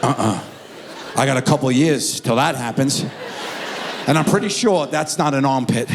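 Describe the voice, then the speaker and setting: A gravelly, medium-pitched middle-aged man tells stand-up stories at a moderate pace, acting out his kids with voiced impressions. Crowd noise and other background noise come through, and the theater recording has long hall reverb.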